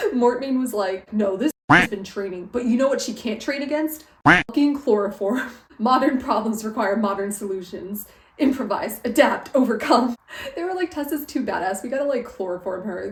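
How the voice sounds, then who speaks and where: Chatty young woman recapping a book. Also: on the high side. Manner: chatty, lively retelling with quoted character voices and frequent "like". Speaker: book vlogger. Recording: echoey room.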